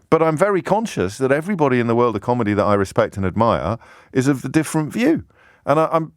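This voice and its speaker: A man's voice: mid-range voice, no echo, clean studio sound. A man hosting a radio phone-in, musing aloud in a conversational, self-deprecating way with many stammered restarts. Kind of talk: talk radio monologue. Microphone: studio microphone.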